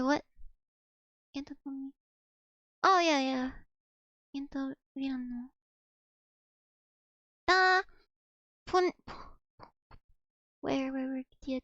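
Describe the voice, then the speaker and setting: High-voiced young woman, chatty streamer. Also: a bit bright, no echo. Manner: chatty and self-mocking, many "like" fillers. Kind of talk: casual livestream chat, practicing Russian words aloud.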